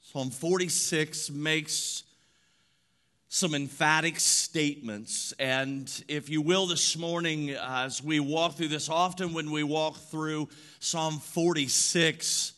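A man delivers a sermon in a bright, forceful voice that sits a little high, with a slow, deliberate pace. He repeats short phrases rhythmically and climbs to shouted emphasis. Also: fairly even intonation. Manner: builds from quiet reflection to shouted emphatic preaching. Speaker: pastor.

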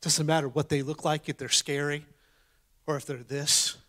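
Man, preacher, sermon, slightly higher voice, chatty storytelling, emphatic rises, hushed whispers. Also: flat delivery, normal speed. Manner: emphatic, swings between rising calls and hushed whispers; conversational storytelling with restarts. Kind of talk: sermon with personal testimony.

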